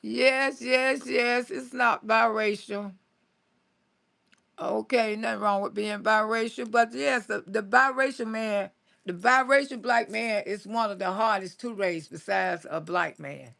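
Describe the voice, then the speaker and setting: A woman in her late sixties talks to her live-stream viewers in a high, gravelly voice with a bright, sharp edge. She is blunt and salty, tells stories at a quick clip, laughs often and scolds with relish. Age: 60s. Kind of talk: casual live-stream chat reading viewer comments.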